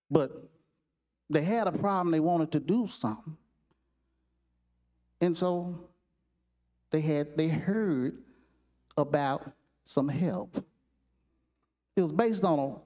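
A man's voice: on the high side, dark tone. A man preaching a sermon, retelling a TV episode and acting out the characters' lines as he goes. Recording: long hall reverb.

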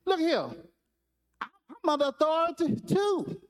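A man's voice: extremely high pitch, very animated, slow pace, pitched above the performer's own voice, exaggerated voice. A man doing a humble, stammering Roman centurion. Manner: stammering, humble, plain-spoken.

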